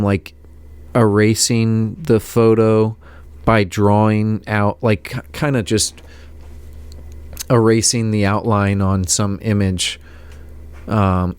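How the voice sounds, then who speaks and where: A man's voice: lowish voice, clear, resonant tone, no echo. A man vlogging about tech gear in a casual, rambling, self-deprecating way, full of fillers. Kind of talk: casual rambling talk to camera.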